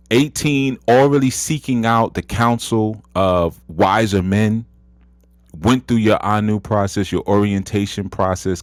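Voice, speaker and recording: Deep-voiced man in his thirties, casual motivational host, emphatic, dry phone-mic sound. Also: no room sound. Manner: emphatic, repeats words, frequent "you know". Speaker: host of an audio chat room.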